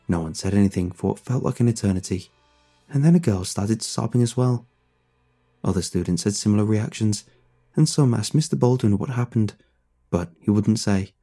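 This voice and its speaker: Man narrating in first person: measured, somber, low and husky, with some music behind him. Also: dark tone.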